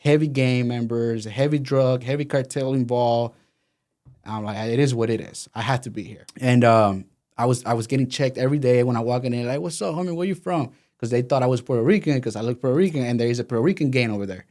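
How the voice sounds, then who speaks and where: A man's voice: medium pitch, quick pace. A man in his thirties from Venezuela with a Spanish accent, telling his story as a guest in a casual interview and acting out the voices of the people he quotes. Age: 30s. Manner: animated, acts out quoted voices.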